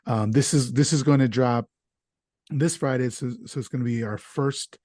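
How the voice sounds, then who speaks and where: A man's voice: medium pitch, fairly even intonation, moderate pace, warm tone, dry recording, studio quality. A man hosting a casual podcast chat, talking loosely and stumbling over names, with an easy laugh. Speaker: podcast host.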